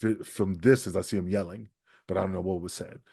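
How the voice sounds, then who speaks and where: A man's voice: low voice, fast, creaky, husky, no room sound, clean studio sound. A man, a former wrestler, telling stories as a podcast guest, swearing freely and acting out what others said. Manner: profane, animated storyteller who acts out quoted people. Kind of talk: storytelling interview.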